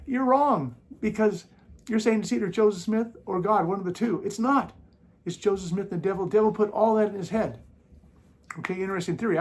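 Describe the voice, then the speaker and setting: A man's voice: on the high side, gravelly, a little mellow, a little hiss or hum. A man hosting his own channel, arguing against critics in casual commentary, sarcastic and mocking, and coughing now and then. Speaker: YouTube channel host.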